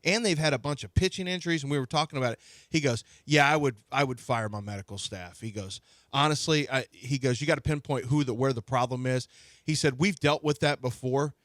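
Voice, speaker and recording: A man's voice: mid-range voice, fairly quick, no echo, clean studio sound. A man hosting sports talk radio, ranting indignantly and restarting his sentences.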